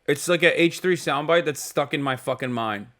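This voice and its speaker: A man's voice: a little high, normal speed, fairly bright tone. A man streaming live, reacting to news clips with emphatic, profane, rambling commentary full of fillers. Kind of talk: casual political commentary.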